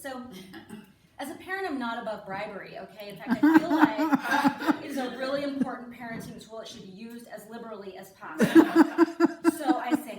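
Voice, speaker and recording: A woman's voice: fairly high pitch, brisk. A middle-aged woman performing a stand-up comedy set on a live stage, chatty and confiding, often tagging her lines with "right?". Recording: roomy sound from a distance.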